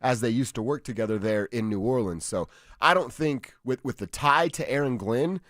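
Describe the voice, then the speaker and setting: A man from Colorado co-hosting a sports radio show in casual chat, talking with restarts and quick asides in a studio. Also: mid-range voice, a bit bright, dry recording. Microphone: studio microphone.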